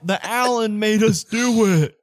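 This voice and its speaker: A distraught, tearful mother's voice, as a man puts her on for a tabletop game, high and stretched out. The sound is dry and close, with no room around it. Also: unhurried, no room sound. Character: distraught mother freed from a trance.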